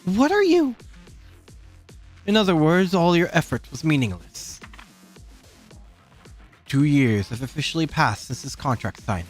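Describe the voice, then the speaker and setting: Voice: sing-song, unhurried, long pauses, soft background music. A streamer doing a smug corporate villain. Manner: low, dismissive and curt.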